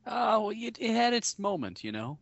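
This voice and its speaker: A man's voice: high-pitched, sing-song, normal speed, creaky, no echo, dull audio. A man in a casual chat who tells a long joke and acts out its characters.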